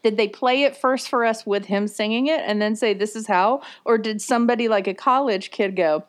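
A woman in her forties co-hosting a casual chat, telling animated stories and laughing often. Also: fairly high pitch, brisk, few pauses. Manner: laughs often, animated storytelling with sung bits. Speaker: podcast co-host.

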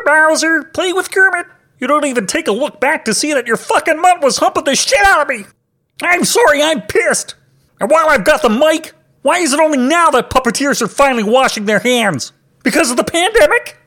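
A man doing Kermit, high and bitter. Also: bright, forceful tone, full character voice. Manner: bitter ranting, crude. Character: cranky foul-mouthed male frog puppet. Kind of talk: comedy sketch impression.

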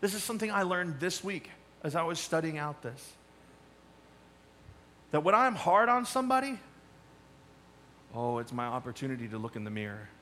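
A male pastor preaching a sermon, emphatic, moving between loud challenges and quiet asides. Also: a little high, sing-song, normal speed, long pauses, a little hiss or hum.

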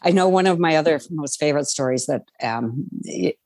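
Dry, close voice telling lively stories. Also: mid-range voice, brisk, no echo. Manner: animated storyteller, laughs often, acts out quoted dialogue. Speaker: guest, former cruise ship crew member. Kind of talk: casual storytelling chat.

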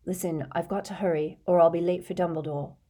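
An earnest teenage schoolboy from a storybook, read by a woman. He talks plainly and a bit haltingly in a low voice. He sounds hurried but polite. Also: steady tone, warm tone, lightly acted.

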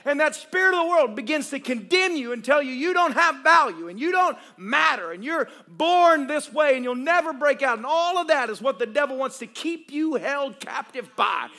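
A male pastor preaching a charismatic sermon at a live church service, shouting and joking with the congregation. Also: very high voice, expressive, moderate pace, hardly any pauses. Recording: live church recording with crowd and noise.

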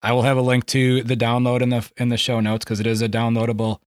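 Relaxed male podcast host, mid-range voice, dry studio sound. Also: mid-range voice, fast talker, no room sound. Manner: relaxed, conversational, steering the talk. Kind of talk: casual interview hosting.

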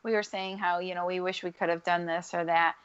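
A woman's voice: a little fast, smooth. A woman co-hosting a podcast in casual chat, acting out quotes with big swings in her voice. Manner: animated, acts out quotes with big pitch jumps. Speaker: podcast co-host. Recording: dull lo-fi recording.

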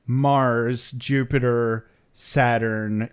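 A man's voice: mid-range voice, lively intonation, moderate pace. A man co-hosting a casual podcast, recapping a cartoon episode in a rambling way, swearing and laughing often. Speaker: podcast co-host.

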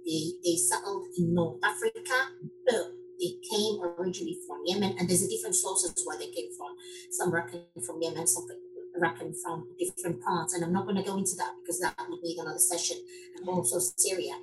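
A middle-aged woman from Morocco, a dance teacher talking casually in an interview, animated and full of fillers and restarts. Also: on the low side, a little fast, loud music behind the voice, low-quality recording.

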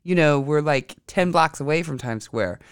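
Woman podcast host rambling thru a story, smooth clear voice, dry close sound. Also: sits low, animated, moderate pace, no room sound. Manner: chatty, rambling, quotes people in the story. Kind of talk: casual storytelling monologue.

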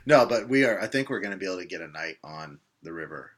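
A man's voice: sits low, expressive, fast talker, slight background noise. A middle-aged man in a casual chat, joking and asking teasing questions.

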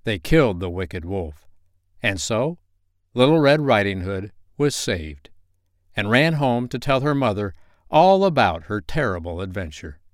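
A man narrating a bedtime story as host of a story podcast, gentle and expressive. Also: fairly low pitch, measured pace, no echo, clean studio sound.

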